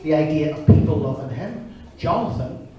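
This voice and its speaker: A man in his forties preaching a sermon, telling stories in an animated way. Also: fairly high pitch, moderate pace, dull audio, slight background noise. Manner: animated storytelling, acting out voices. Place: church service. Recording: echoey church hall from far off.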